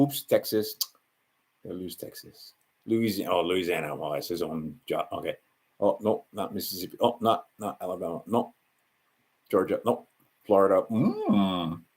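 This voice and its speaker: Husky man with a Hawaiian Pidgin accent. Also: low-pitched. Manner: meandering, self-correcting, asides to the listener. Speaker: channel host. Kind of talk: rambling solo monologue.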